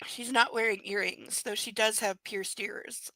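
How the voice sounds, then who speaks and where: A woman's voice: mid-range voice, steady tone, unhurried, pushed and bright, no room sound, low-quality recording. A woman reading a novel aloud live, breaking off for sarcastic, laughing asides about the story. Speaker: reader. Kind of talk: live book reading with commentary.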